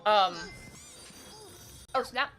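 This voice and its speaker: A woman streaming live, chatting casually with viewers and reading their messages, excitable and laughing often while she eats. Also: mid-range voice, extremely slow, soft background music.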